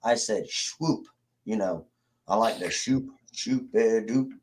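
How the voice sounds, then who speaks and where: A man's voice: lowish voice, unhurried, darkish tone, slight background noise. A man hosting a casual livestream, rambling and swearing as he greets viewers in the chat. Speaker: livestream host.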